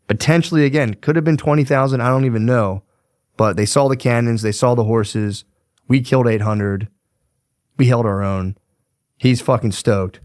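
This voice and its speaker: A man's voice: medium pitch, moderate pace, darkish tone, no echo, clean studio sound. A young man hosting a podcast, retelling history in a casual, profane, rambling way. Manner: profane, slangy, rambling with fillers. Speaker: podcast host.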